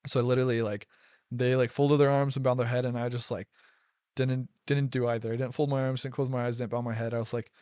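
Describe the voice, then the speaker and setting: A man's voice: mid-range voice, level tone, fast talker, a little mellow, no echo, studio quality. Young man rambling through a story. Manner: rambling, lots of "like" and restarts. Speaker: podcast host telling personal stories. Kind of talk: casual first-person storytelling.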